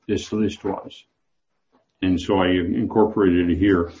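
A man with a low voice leads a Bible class. He talks loosely, with many fillers and restarts, and the recording sounds dull and muffled. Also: fairly even intonation, a little slow, dark tone. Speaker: Bible teacher.

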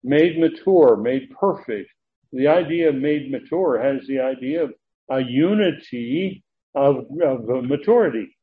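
A man preaching a verse-by-verse sermon in an earnest, emphatic way, often restarting and pausing on filler sounds. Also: medium pitch, lively intonation, a little hiss or hum. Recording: narrow, tinny phone-like sound.

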